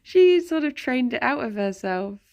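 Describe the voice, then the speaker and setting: A woman's voice: sits high, lively intonation, a little slow, vocal fry, a little mellow, dull audio. A young woman chatting casually on a livestream at home, giggling and talking to her pet rabbits. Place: at home, indoors.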